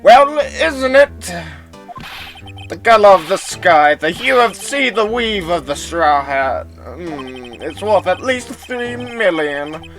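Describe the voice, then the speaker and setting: Fan dub voice doing a stuffy old lawyer guy, stammers a lot, fake accent that slips, slow, music behind. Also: medium pitch, big pitch swings, a bit bright, pitched above the performer's own voice. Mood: proud. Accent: put-on accent that slips. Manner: stammering, old-fashioned formal. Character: pompous older male lawyer, evasive.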